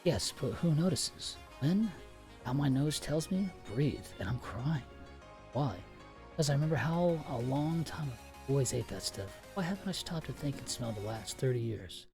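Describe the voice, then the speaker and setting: A man's voice: medium pitch, lively intonation, normal speed, gravelly, darkish tone, faint music behind, voice pushed up. A man voicing a weepy, nostalgic old male barber who asks wondering, tearful questions. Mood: wistful.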